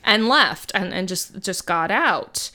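A woman hosting a podcast, retelling events in a casual, conversational way and acting out quotes with lively asides. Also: mid-range voice, takes it slowly. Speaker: podcast host.

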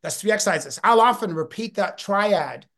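A man's voice: sits high, normal speed. A man in his fifties, a podcast guest, talking with energy and telling stories, often breaking off and restarting his sentences. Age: 50s. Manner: energetic, storytelling, often self-interrupting. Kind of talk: podcast interview.

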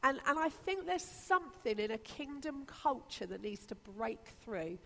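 A woman's voice: on the high side, sing-song, measured pace, gravelly, bright, forceful tone. A woman pastor preaching a sermon with earnest, repetitive emphasis. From Britain. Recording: long reverb of a church hall.

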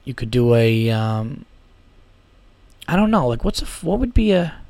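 A tired, slightly sick man in his thirties rambles through a solo comedy podcast, swearing freely and riffing with giddy energy. His voice sits at an ordinary pitch. The sound is dry and close, with little room around it. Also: very animated, normal speed, darkish tone, no echo. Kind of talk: casual solo podcast monologue.

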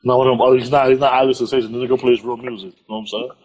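A young man co-hosting a podcast over a phone live stream, teasing and animated. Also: mid-range voice, breathy edge, low-quality recording. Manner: animated, teasing, quick to laugh. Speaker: podcast co-host. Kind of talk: casual chat. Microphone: phone on an Instagram live stream.

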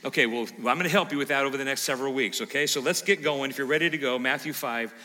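A male pastor preaches with a strikingly bright, ringing voice that carries a long reverb through the sanctuary. He keeps the sermon lively, tossing questions to the congregation and voicing the listeners' imagined replies. His pitch sits in an ordinary middle range for a man. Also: fast. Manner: animated, plays out imagined listener lines, quizzes the congregation. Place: church sanctuary.

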